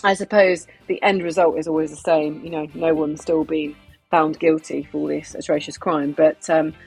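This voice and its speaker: A woman's voice: low-pitched, flat delivery, normal speed, creaky, a little mellow, slightly rough, faint music behind. A woman co-hosting a podcast, talking about a TV drama in an enthusiastic, conversational way. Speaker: podcast co-host. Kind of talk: casual review chat.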